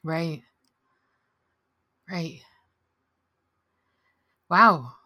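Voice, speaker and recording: A woman interviewing a guest, asking slow questions and giving brief, attentive reactions. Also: low-pitched, animated, bright, forceful tone, no room sound.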